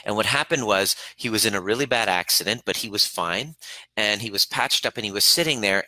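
Middle-aged guy coaching on relationships, super bright tone, lowish voice, dry close sound. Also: no room sound, rough recording. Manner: earnest, coaching, acts out examples in a soft cooing voice. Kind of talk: motivational talk to camera.

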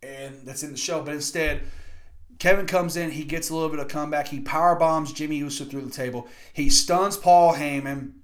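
A man giving a casual, excitable and profane play-by-play review of a wrestling event. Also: a little high, brisk. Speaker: wrestling podcast host.

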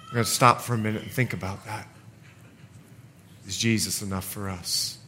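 A middle-aged man with a low-ish voice preaches a sermon at normal speed, with a little hiss or hum on the recording. He's animated, swinging between loud and hushed passages and acting out the voices in the scripture.

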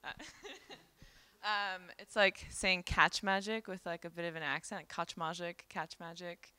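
A woman's voice: on the low side, takes it slowly, sharp tone, smooth. Chatty American woman giving a talk. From New York City. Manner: casual, chatty, many fillers like "um" and "like". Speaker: fermentation educator and speaker. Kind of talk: live seminar lecture.

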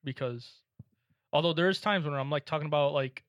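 A man's voice: fairly high pitch, normal speed, dry recording, dull audio. A young man on a casual podcast who reads statements aloud and then gives his plain verdict on them. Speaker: podcast co-host reading questionnaire items. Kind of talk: casual chat.

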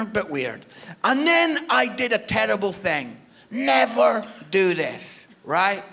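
A Scottish man in his forties, a guest preacher telling a funny personal story in a sermon and acting out the dialogue. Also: high voice. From Scotland. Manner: animated, humorous, acts out dialogue.

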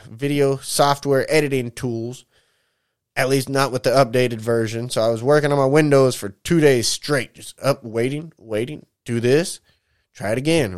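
A man in his thirties rambles through a casual vlog, speaking candidly and emotionally and wandering from one tangent to the next. His voice is smooth and clear at a medium pitch. He swears freely and keeps calling his listeners "man" and "folks.". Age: 30s. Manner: rambling, drifts off topic, says "man" a lot. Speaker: vlogger.

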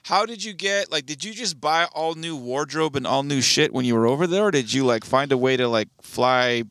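A man's voice: medium pitch, moderate pace, fairly bright tone, no room sound. A man on a podcast casually asking blunt, curious questions. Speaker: podcast co-host. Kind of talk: casual chat.

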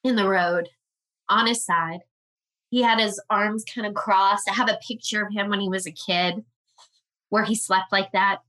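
A woman guest on a podcast, telling a personal story in an earnest, emotional way with halting restarts. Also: medium pitch, steady tone, bright, forceful tone, rough recording.

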